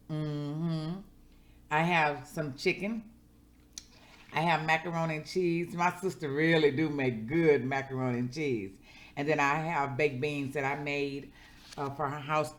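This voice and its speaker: A woman chatting casually to her viewers in an eating vlog, heartfelt and preacherly when she prays. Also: low-pitched. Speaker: vlogger.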